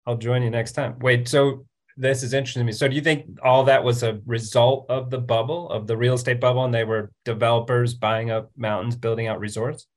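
A man's voice: mid-range voice, little pitch movement, fairly quick. A man hosting a podcast, asking loose, casual follow-up questions. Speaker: podcast host.

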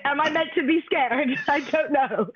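A woman's voice: high voice, moderate pace, a bit bright. Chatty woman, giggly podcaster. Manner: chatty, laughs often, restarts phrases. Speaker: podcast co-host. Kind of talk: casual chat. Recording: dull lo-fi podcast audio.

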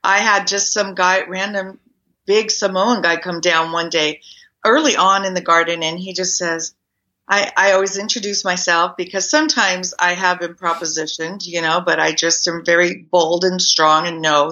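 A woman's voice: lowish voice, moderate pace, lo-fi sound. A woman guest in a podcast interview, telling stories and acting out the dialogue as she speaks. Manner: animated storyteller acting out quoted dialogue. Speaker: guest, community garden minister.

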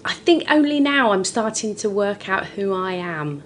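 With a mid-range voice at a moderate pace, this woman from the UK, in her forties, speaks openly about her own life as a podcast guest. A comedian, she tells her stories expressively and with lively swings, and there's a little background noise.

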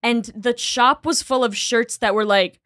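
Animated young woman, dry close sound. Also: fairly high pitch, measured pace, no echo. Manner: animated, swearing, acts out bits in big voices. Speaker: podcast co-host. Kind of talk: casual comedic chat.

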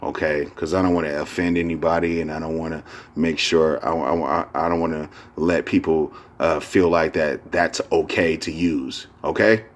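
A man's voice: a bass voice, steady tone, moderate pace. A man hosting a casual solo podcast, talking in a rambling, profane way full of fillers and restarts. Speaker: podcast host.

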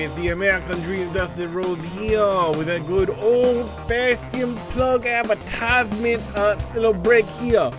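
A man's voice: high voice, pitched above the performer's own voice, lightly acted. A man putting on the voice of a boastful male wrestling legend for a comic ad read, full of swaggering catchphrases and promo patter.

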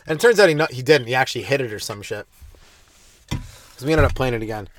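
A young adult man hosting a comedy podcast, stoned and rambling loosely through jokes with sudden animated bursts. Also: medium pitch, fast talker, a little hiss or hum. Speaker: podcast host.

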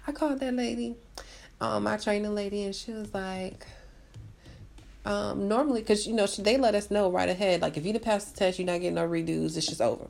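A young woman co-hosts a casual podcast chat and tells her stories with animated energy, acting out what people said to her. Her voice has a slight gravelly fry and sits at an ordinary middle pitch. The delivery stays loose and conversational. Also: a little fast. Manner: animated storyteller, acts out quotes. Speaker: podcast co-host.

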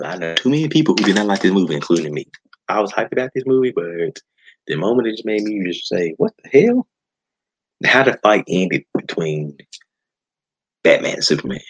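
A man with a deep voice and a breathy edge hosts a podcast from home, ranting in an exasperated, casual way marked by sighs and restarts. The recording quality is rough.

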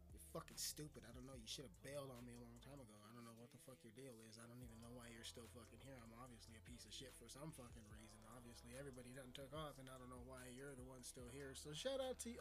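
A man hosting his own podcast, rambling and joking with lots of swearing. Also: medium pitch. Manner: rambling, profane, jokey. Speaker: podcast host. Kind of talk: casual solo podcast chat.

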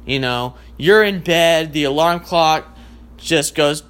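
A man doing a rambling, profanity-filled comic rant in a casual, animated way. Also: on the high side, slow pace, clear, resonant tone. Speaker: comedian.

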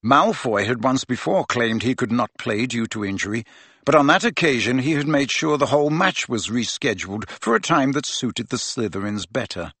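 A man's voice: mid-range voice, expressive, normal speed, a bit bright, breathy edge, no echo. A man reading a novel aloud as a narrator, telling the story expressively. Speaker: audiobook narrator. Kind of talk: scripted narration.

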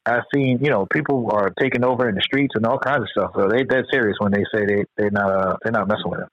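An American man co-hosting a podcast, chatting casually, animated and slangy with lots of swearing. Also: on the low side, fast talker, no room sound. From United States. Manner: animated, profane, slangy storytelling. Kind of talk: casual chat. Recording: dull, dry, lo-fi sound.

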